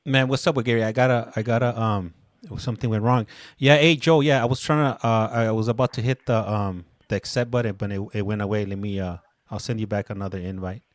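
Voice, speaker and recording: Easygoing host, lowish voice, halting repeats, dry close mic. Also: male voice, no echo. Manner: relaxed, with stumbling repeated words. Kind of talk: casual chat.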